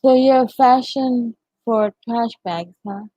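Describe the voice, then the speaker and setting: A woman's voice: on the high side, fairly even intonation, slow, warm tone, dry recording, muffled recording. A middle-aged woman chatting on her livestream, telling a story and laughing often. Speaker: livestream host. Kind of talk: casual chat with live viewers.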